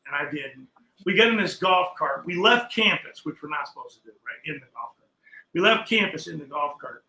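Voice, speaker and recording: A man's voice: high voice, pushed and bright, reverberant, low-quality recording. An older man casually telling a long story as a podcast guest, acting out the people he quotes.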